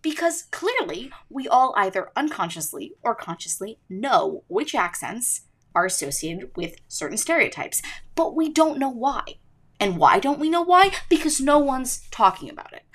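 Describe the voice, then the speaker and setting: A woman's voice: on the high side, big pitch swings, normal speed, fairly bright tone. A teenage girl hosting her school podcast, narrating from a script in an earnest, emphatic way. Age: teens. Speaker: student podcast host.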